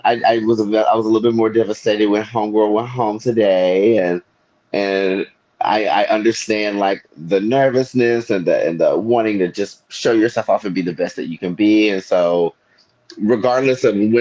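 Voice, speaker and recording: Deep-voiced male co-host, playful rambling chatter, dull lo-fi sound. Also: a little mellow. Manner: playful, rambling, joking asides. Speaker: podcast co-host. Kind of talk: casual chat. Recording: muffled lo-fi audio.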